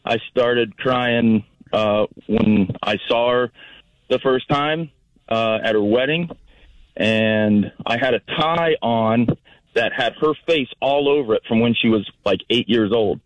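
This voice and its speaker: A man's voice: medium pitch, slow pace, no room sound. A middle-aged man speaks over a dull, muffled phone line. He tells his story easily, in a plain mid-range voice. The sound is dry. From Florida. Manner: easygoing, storytelling. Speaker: caller. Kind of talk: call-in radio chat.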